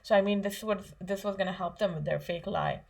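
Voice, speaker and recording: A woman's voice: mid-range voice, a little fast, gravelly, a little mellow. A woman giving a children's religious lesson in a chatty way, asking her young listeners lots of questions with frequent fillers. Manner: asks kids questions, conversational, many fillers. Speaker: Islamic studies teacher for children.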